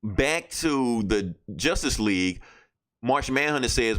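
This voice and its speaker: A man's voice: medium pitch, expressive, unhurried, a bit bright. A man hosting a podcast, recapping comic books in a loose, profane, casual way. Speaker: podcast host.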